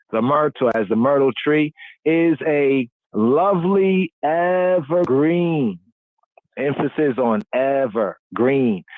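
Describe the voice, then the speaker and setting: A male podcast host lectures on scripture in a steady teaching cadence, circling back over his phrases and tagging them with "right?". His voice sits at a middle pitch. It comes through a thin, narrow phone-line sound with no room echo. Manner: repetitive teaching cadence, frequent "right?" check-ins. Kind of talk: call-in radio podcast teaching. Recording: dry tinny phone-line audio.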